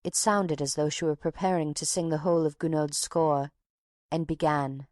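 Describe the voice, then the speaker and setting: A woman narrating a classic novel as an audiobook in a steady, measured reading. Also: low voice, no echo, studio quality. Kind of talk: scripted narration.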